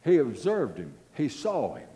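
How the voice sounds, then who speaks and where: A man's voice: medium pitch, a little slow. An older man preaching a sermon as pastor, telling stories with repeated phrases and hesitant fillers. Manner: animated, repetitive, fillers, storytelling.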